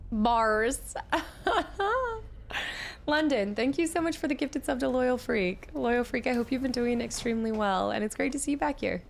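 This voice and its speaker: A woman streamer chatting through a game, thanking viewers and reacting loudly to the action. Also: fairly high pitch, moderate pace, vocal fry, few pauses, slight background noise. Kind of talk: live gameplay commentary.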